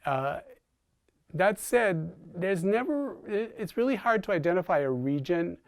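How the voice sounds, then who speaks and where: New York professor explaining, dry sound. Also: male voice, high voice, very animated, unhurried, vocal fry, dry recording. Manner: explanatory, lecturing. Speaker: linguistics professor. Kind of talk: interview.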